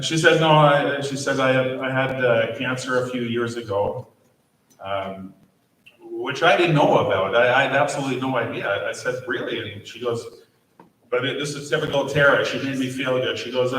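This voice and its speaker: A man in his fifties, a teacher, giving halting, gently humorous memorial remarks with many fillers. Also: medium pitch. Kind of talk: memorial speech. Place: large echoey school room at a podium. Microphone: distant podium mic. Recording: echoey room, distant mic, faint noise.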